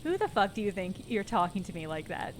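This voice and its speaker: A woman's voice: mid-range voice, big pitch swings, brisk, a little hiss or hum, natural voice. A woman voicing a bewildered, angry man who answers a phone, alarmed and indignant.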